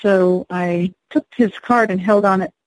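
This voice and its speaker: A singer-songwriter woman from the Navajo Nation, telling an unhurried, reflective story to introduce one of her songs. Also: medium pitch, fairly even intonation, dry recording, low-quality recording. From Navajo Nation, US Southwest.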